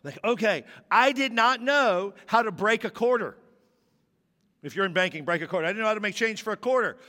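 Male pastor in his 50s, bright, slightly high voice, storytelling sermon with lively quoted voices, reverberant sanctuary. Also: fairly quick. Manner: candid storytelling, animated quoting. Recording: long reverb of a large hall.

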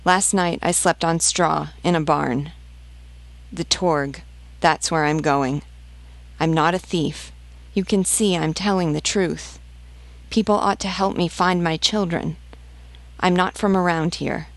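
A woman's voice: fairly low pitch, fairly even intonation, a little slow, dry recording. A woman reading the part of a desperate peasant mother hunting for her stolen children, pleading and insistent.

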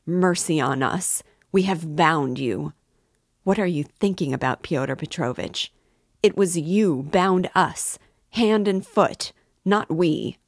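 An outraged older mother, read aloud by a woman protests in a raised, sharp voice. Her lines climb and press hard, full of indignation. It is a storybook reading with dry close sound. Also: low voice, animated, takes it slowly, no room sound, heavily acted. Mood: furious. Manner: sharp, rising, exclaiming.

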